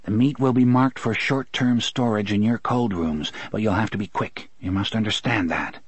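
A man voicing a calm, persuasive adult male guard in an audiobook, speaking low and quietly. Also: normal speed, slightly rough, no room sound.

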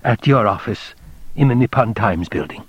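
A man's voice: fairly low pitch, lively intonation, normal speed, breathy edge, no room sound. A man playing a fussy, clipped formal trade official. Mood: formal, eager. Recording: dull dry lo-fi recording.

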